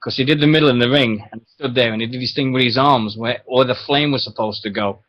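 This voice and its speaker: A man's voice: medium pitch, fast. Man, radio host, rambling chat, dull lo-fi sound. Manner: chatty, rambling, laughs often, animated storytelling. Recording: dull lo-fi internet radio audio.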